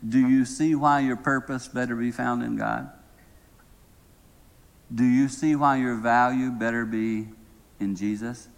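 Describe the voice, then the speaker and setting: A middle-aged man preaching a sermon, telling a humorous story in a lively way and then praying softly. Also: a little slow, creaky, pauses often. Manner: lively, humorous storyteller who drops to a soft, low tone to pray. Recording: long reverb of a large hall.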